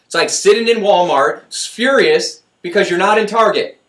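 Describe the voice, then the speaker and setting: A middle-aged man giving a lively motivational talk as host, often acting out voices in his stories. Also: high-pitched, normal speed. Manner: energetic, acts out voices in stories. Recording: echoey room, mic far off.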